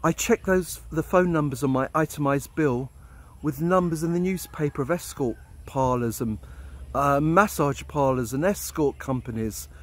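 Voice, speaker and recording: A man's voice: fairly high pitch, moderate pace. Blunt man telling a story. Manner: candid, blunt, swears freely. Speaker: expat vlogger. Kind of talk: storytelling monologue.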